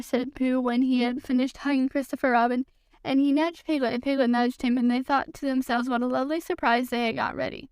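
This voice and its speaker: A woman reads a children's storybook aloud in a gentle, even narrator's voice. Her tone is fairly high, smooth and clear, and the sound is close and dry with no room around it. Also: fairly quick, no room sound. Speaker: podcast host reading aloud. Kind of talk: storybook reading.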